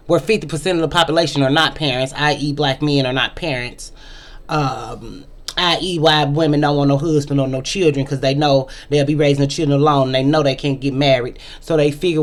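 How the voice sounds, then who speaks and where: A woman's voice: sits low, moderate pace. A middle-aged woman hosting her own vlog, giving an emphatic, ranting opinion monologue and repeating lines for effect. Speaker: vlog host.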